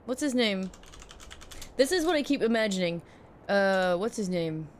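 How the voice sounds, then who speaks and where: A woman's voice: mid-range voice, lively intonation, normal speed, a little hiss or hum. Playful woman game streamer. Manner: playful, giggly. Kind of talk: live gameplay stream, reading dialogue aloud.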